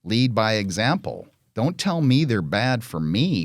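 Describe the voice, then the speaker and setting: A blunt, foul-mouthed middle-aged man in casual podcast chat, with a low voice that rises and falls widely as he tells stories. He slips into little parent and child voices along the way. The sound is dry and close, with no room around it. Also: a little slow, dry recording. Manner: blunt, profane, animated storytelling.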